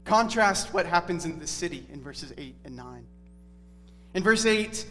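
A man's voice: fairly high pitch, expressive, measured pace, fairly bright tone. A man preaching an expository Bible sermon in a conversational, earnest teaching tone. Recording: reverberant hall with faint music.

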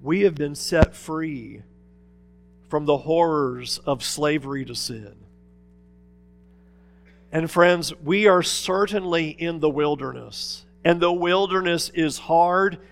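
A pastor with a high, gravelly voice delivers an impassioned sermon. He presses hard on some points and drops to a near hush on others, and soft instrumental music plays faintly behind him. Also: slow. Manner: impassioned preaching, swinging between loud urging and hushed asides.

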